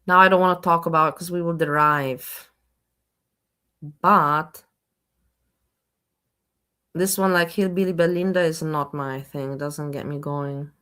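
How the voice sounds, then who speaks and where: A woman's voice: low voice, fairly even intonation, measured pace, long pauses, bright, forceful tone, smooth. A woman hosting a casual stream, reacting with enthusiastic comments and exclamations. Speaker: stream host.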